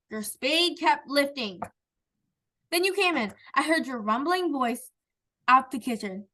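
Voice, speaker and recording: A woman's voice: high-pitched, pushed and bright, heavily acted. A woman voicing a bitter grieving young wife. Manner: impassioned, rising into anguished outbursts.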